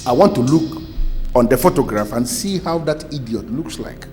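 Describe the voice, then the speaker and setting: A man's voice: medium pitch, lively intonation, normal speed, darkish tone, faint music behind, natural voice. A man with a Nigerian English accent playing a stern police officer who interrogates a witness in formal, threatening tones.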